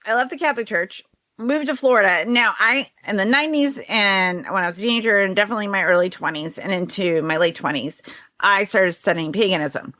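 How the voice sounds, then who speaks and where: Chatty New England woman, bright voice. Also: mid-range voice, fairly quick, no room sound. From New Hampshire. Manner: chatty, quotes herself often, laughs easily. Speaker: podcast guest. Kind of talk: casual interview conversation.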